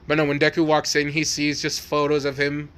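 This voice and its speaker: A man with a bright, forceful tone rambles through an improvised fan story. He swears freely, piles on likes and restarts, and sits a bit higher than most men. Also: monotone, a little fast, clear, resonant tone.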